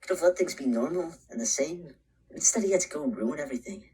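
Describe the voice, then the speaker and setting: A man's voice: fairly high pitch, lively intonation, fast, breathy edge, low-quality recording. An actor playing an anxious, introspective young man who narrates a short film in a half-whispered voice. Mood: brooding. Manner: brooding, often half-whispered, breaks into panicked shouts.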